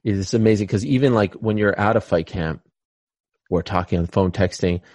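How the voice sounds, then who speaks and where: Low-voiced male podcast host. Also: a little fast, darkish tone, no echo. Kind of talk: casual chat with ad reads.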